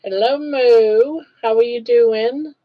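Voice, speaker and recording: A woman's voice: fairly high pitch, takes it slowly. An older woman hosting a casual livestream, reading viewer comments aloud and greeting chatters by name. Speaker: livestream host. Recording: dull lo-fi livestream audio.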